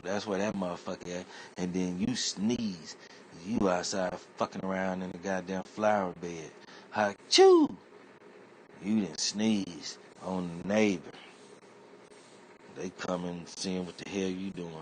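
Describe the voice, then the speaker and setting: A man's voice: low-pitched, fairly even intonation, a little slow, slight background noise. A man delivering a rambling, profane comedic rant in a streetwise, conversational way. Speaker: internet comedian.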